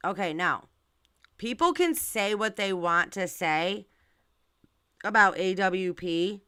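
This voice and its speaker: A woman's voice: medium pitch, animated, slow, sharp tone, clean tone, no echo. A woman hosting her channel, talking casually and directly to her viewers with lots of fillers and restarts. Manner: rambling, filler-heavy, talks to viewers directly. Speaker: channel host. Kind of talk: casual live-stream commentary.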